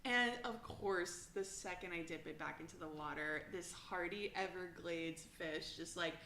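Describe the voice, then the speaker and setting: A woman co-hosting a podcast in casual chat, telling animated stories and quoting people in exaggerated voices. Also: on the low side, moderate pace, roomy sound, a little hiss or hum. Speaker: podcast co-host.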